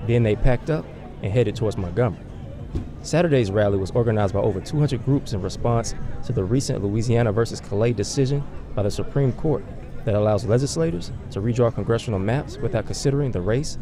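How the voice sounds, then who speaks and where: Fast-reading male field reporter, crowd behind. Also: mid-range voice. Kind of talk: scripted news report. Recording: crowd noise from outdoor rally.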